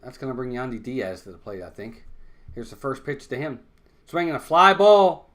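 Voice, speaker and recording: A man's voice: mid-range voice, very animated, normal speed, a bit bright. A man hosting a fan watch-along stream, calling baseball play-by-play and insisting on his points over and over.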